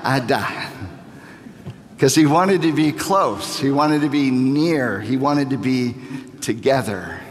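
A man in his thirties preaching a sermon as a pastor, slow and emphatic, building to impassioned repetition. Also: mid-range voice. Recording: reverberant hall.

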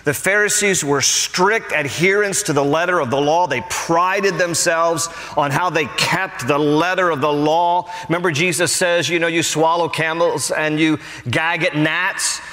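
A man preaching a sermon as pastor, animated and storytelling, acting out the voices of people he quotes. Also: a little high, measured pace, hardly any pauses, big-room sound.

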